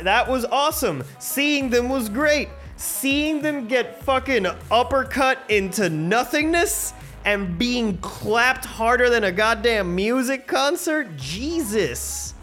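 A man hosting his own show, rambling excitedly and swearing freely through a casual movie review. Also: extremely high pitch, slow pace, soft background music. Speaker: host.

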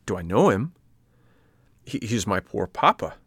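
A man voicing an eager, tearful boy puppet in a storybook reading, talking in a high, pleading, excitable way. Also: a little slow, husky, no room sound, heavily acted. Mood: anxious pleading.

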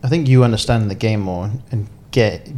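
A man hosting a casual podcast chat, relaxed and asking his guest friendly questions. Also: lowish voice, a little fast. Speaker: podcast host, caddy.

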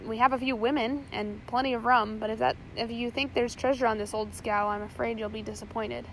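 A woman voicing a big, steady male first mate of a ship who stays calm under threat in a storybook reading. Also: fairly high pitch, brisk, a little hiss or hum, lightly acted, low-quality recording. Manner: calm, bellowing orders.

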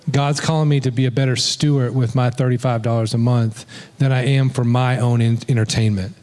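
A man leading a church service, talking casually and telling stories with lively quoted bits. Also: mid-range voice. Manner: chatty, storytelling, animated quotes. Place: church sanctuary. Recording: long hall reverb.

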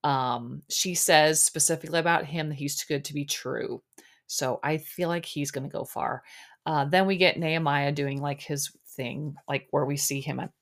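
Middle-aged woman, low voice, rambly podcast chat, kinda sleepy. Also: fairly even intonation, normal speed. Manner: chatty, rambling, with many fillers. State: sleepy, yawning. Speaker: podcast host recapping a reality show. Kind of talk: casual solo chat.

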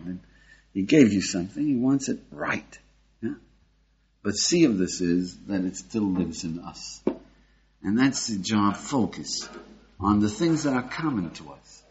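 Older american rabbi teaching a class, husky voice, dull lo-fi tape. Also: male voice, fairly low pitch, normal speed, long pauses. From United States. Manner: animated, questioning the audience, frequent "yeah?". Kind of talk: lively Torah class lecture. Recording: dull lo-fi lecture recording.

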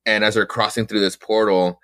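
Man, podcast co-host, very low voice, rambling casual chat, dry sound. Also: flat delivery, a little fast, a bit bright, dry recording. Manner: rambling, restarts and fillers. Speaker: podcast co-host, comic reviewer.

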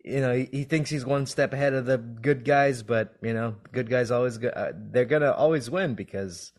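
A man's voice: medium pitch, normal speed. Jokey, enthusiastic male podcast host. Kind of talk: casual interview chat.

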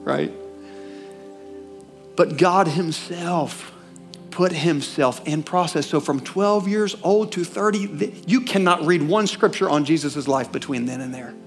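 A high-voiced male pastor with a Southern US accent preaching in church. He talks animatedly, throws questions at the congregation, and drops to a hush before rising again. Faint music plays behind him. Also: unhurried. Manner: animated, asks the congregation questions, swings from loud to hushed. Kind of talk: sermon.

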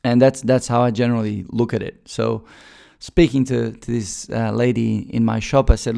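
Man, very gravelly and mellow, casual storyteller, fillers and restarts. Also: mid-range voice, level tone, normal speed, hardly any pauses. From Bosnia. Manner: chatty, many fillers and restarts. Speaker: recruiter telling his career story.

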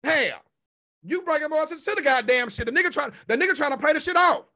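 A man's voice: very high voice, lively intonation, fast, sharp tone. A man hosting an online show, delivering a sassy, profanity-heavy rant full of insults.

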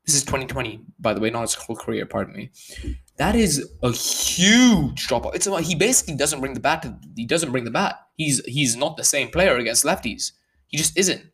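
A man talking through baseball stats in a casual commentary. He gets animated and worked up, leaning hard on the numbers. His pace runs in fast and slow bursts, and he often restarts his sentences. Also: mid-range voice, a little hiss or hum. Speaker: baseball analyst.

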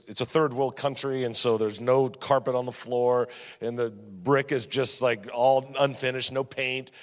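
In a church sanctuary with a hall's long reverb, a visiting pastor delivers a sermon full of storytelling and recurring refrains. His energetic preaching jumps between forceful, punchy emphasis and quiet drops into low-spoken lines.

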